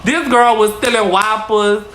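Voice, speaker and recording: A woman's voice: medium pitch, a little slow, a bit bright. A woman vlogger telling a casual story in a chatty, profane way, calling the listener girl again and again. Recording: roomy echo.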